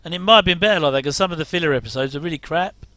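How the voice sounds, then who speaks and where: A man's voice: a little high, rapid-fire, sharp tone, no room sound. A middle-aged man giving rambling casual commentary while watching an old TV episode, with wry asides and chuckles.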